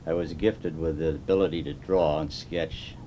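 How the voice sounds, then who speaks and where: Very deep-voiced man in his seventies. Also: steady tone, lo-fi sound. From Chicago, USA. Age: 70s. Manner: unhurried, rambling with fillers. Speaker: interviewee, retired car designer. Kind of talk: oral history interview. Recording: noisy 1980s tape with rumble.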